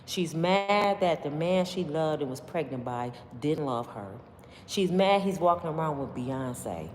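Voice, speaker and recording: A woman delivers opinionated commentary in an emphatic, preachy way, with constant rhetorical questions to her viewers. Her pitch swings widely. The voice carries a long, roomy reverb over faint background noise. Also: lively intonation, unhurried, a little mellow. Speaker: commentary vlogger.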